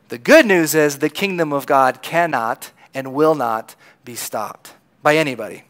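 A man's voice: fairly high pitch, measured pace, a bit bright. A man preaching a sermon in a conversational storytelling manner, acting out the lines of people in the crowd. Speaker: pastor.

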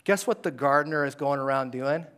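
A male pastor giving a conversational, animated sermon in a church, at times dropping to a hush. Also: medium pitch, a little fast, clean tone. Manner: conversational and animated, dropping to hushed tones for quoted words. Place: church sanctuary.

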